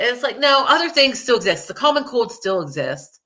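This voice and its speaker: A woman's voice: mid-range voice, expressive, brisk, few pauses, sharp tone. A young adult woman hosting a casual true crime show, chatting to viewers in a rambling, profane way and laughing often. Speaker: true crime podcast host.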